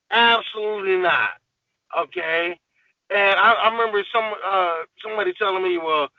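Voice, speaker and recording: A man's voice: high voice, no room sound, narrow, tinny audio. A man guest on a podcast, ranting in a heated, profane, emphatic way in casual talk.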